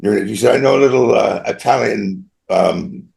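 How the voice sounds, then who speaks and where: A man's voice: fairly low pitch, a little slow, vocal fry, darkish tone. An older man from Australia, a guest telling long rambling stories in an interview and often tagging his points with "right?". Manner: rambling anecdotal, frequent tag "right?". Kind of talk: storytelling interview.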